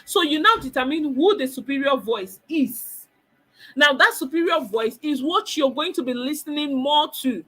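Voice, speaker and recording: A woman's voice: high-pitched, animated, moderate pace, sharp tone. A woman giving a motivational counseling talk, emphatic, repeating phrases and acting out the voices she describes. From Nigeria.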